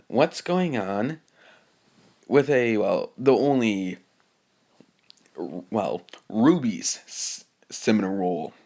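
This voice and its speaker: A man's voice: fairly low pitch, gravelly, a little mellow. A man improvising a fan-fiction story, hesitant and rambling, full of fillers and restarts, reading the characters' lines in his plain voice.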